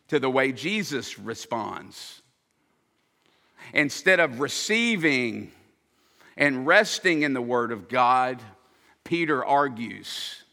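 A man's voice: a little high, bright, forceful tone, long reverb tail. A man, a pastor, preaching an earnest, emphatic sermon and acting out the quoted lines.

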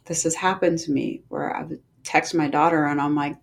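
A middle-aged woman hosting a podcast, speaking slowly and gently with heartfelt encouragement and many pauses. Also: deep voice, vocal fry. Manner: gentle, slow and unhurried with pauses. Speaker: podcast host and movement coach. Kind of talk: reflective podcast monologue.

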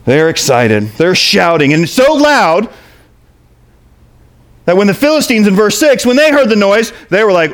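Male preacher, animated sermon delivery, slightly high voice. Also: moderate pace. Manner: animated, swings between quiet asides and loud emphasis.

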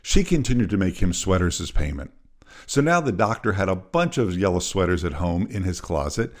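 Animated male storyteller, low voice. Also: a little fast. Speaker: podcast host.

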